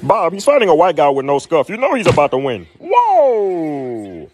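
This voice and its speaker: Dramatic fight commentator, played by a man, wild swings in pitch. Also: wildly swooping pitch, normal speed, a little mellow. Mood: mocking. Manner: dramatic, mocking. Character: mock sports fight commentator.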